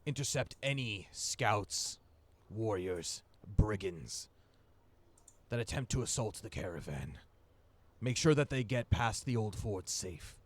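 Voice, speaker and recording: A grave, gruff shape-changer chieftain, voiced by a game master at the table speaks in a lowish, unhurried voice. Every word is slow and measured, heavy with solemn resolve. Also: male voice, expressive. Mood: commanding. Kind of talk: voicing a character in a tabletop game.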